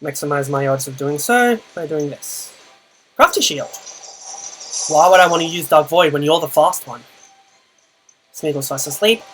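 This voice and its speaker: A young man with a slightly high voice mutters a dry running commentary on his own game during live play, groaning at setbacks. He's the channel's host and player, speaking at normal speed with poor audio and slight background noise.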